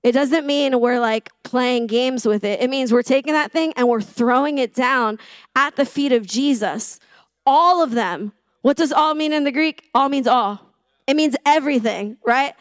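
With no room sound behind her, a woman with a high voice speaks at a moderate pace, giving a sermon in a chatty, conversational style. She's an English teacher who keeps quizzing her listeners and making self-deprecating jokes.

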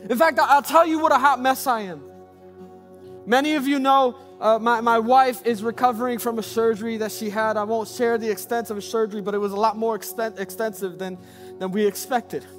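A man's voice: very high voice, fairly even intonation, brisk, a bit bright, soft background music. A man preaching a sermon as a pastor, building passionate, repetitive cadences.

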